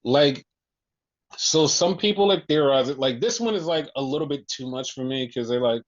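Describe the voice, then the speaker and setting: A podcast host retelling a wrestling show in casual chat, animated and full of fillers. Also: mid-range voice, normal speed. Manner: animated storytelling, heavy use of "like". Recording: muffled lo-fi audio.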